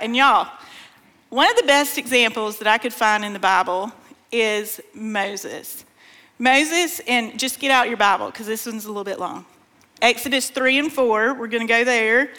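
A woman's voice: fairly high pitch, sharp tone. Woman preaching in an echoing hall. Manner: folksy, addresses the crowd as "y'all"; reads scripture aloud with feeling. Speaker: speaker at a women's conference. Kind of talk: sermon. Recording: long hall reverb.

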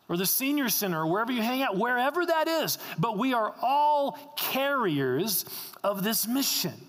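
A man preaches with a notably high voice, driving points home by repeating them. His words ring out with a long reverb, as in a church sanctuary. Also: a bit bright. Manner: emphatic, repeats key lines for stress. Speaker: pastor. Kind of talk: sermon.

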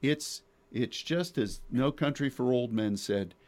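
A man's voice: medium pitch, measured pace, a little mellow. A man hosting Christian radio talk, preaching emphatically with rhetorical questions and repeated words.

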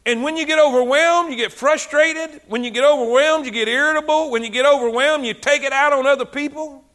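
A male preacher gives a fervent, brisk sermon in a high, bright voice. He speaks conversationally, repeating phrases to hammer his points home. His delivery is loose, with frequent restarts as he builds momentum.

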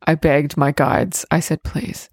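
A woman's voice: fairly low pitch, normal speed. A woman hosting her own solo spiritual podcast, talking candidly and rambling, with casual swearing and frequent restarts. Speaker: podcast host.

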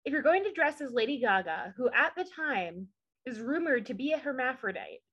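Lively, high-voiced woman podcast co-host. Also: brisk, husky, highs cut off. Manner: chatty, opinionated, trails off in asides. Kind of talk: casual recap chat.

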